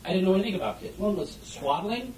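Fast and animated, a high-voiced man entertains an event-hall audience with comic parenting stories and questions for listeners, a crowd audible behind him. The recording catches him from afar in an echoey room.

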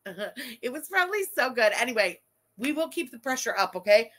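Woman, young adult, livestream host, high pitch, profane, ranting, casual chat. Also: sing-song, fast. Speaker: livestream host reading super chats.

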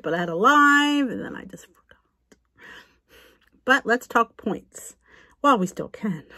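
A medium-pitched woman from the United States hosts a home cooking video, and the recording is low quality. She guides viewers through a recipe in a loose, talkative, rambling style.

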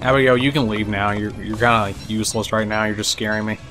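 A man's voice: on the low side, fairly even intonation, fast talker, music in the background. A man giving casual let's-play commentary, chatting to the characters on screen, laughing and swearing as he plays. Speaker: gameplay commentator.

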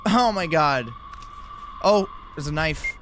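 A man's voice: a little high, lively intonation, takes it slowly, noisy background. A man giving nervous, jumpy commentary while playing a horror game, with frequent exclamations. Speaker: gaming YouTuber.

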